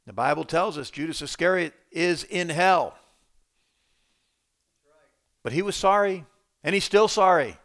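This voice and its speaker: Preaching man, quiet then emphatic. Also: measured pace, long pauses. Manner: swings between quiet low asides and loud emphatic rises. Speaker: pastor. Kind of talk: sermon.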